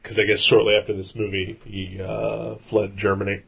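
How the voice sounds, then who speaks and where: Gravelly, husky male co-host; casual film chat, halting with fillers. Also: fairly low pitch, flat delivery, fairly bright tone. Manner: rambling, many fillers and restarts.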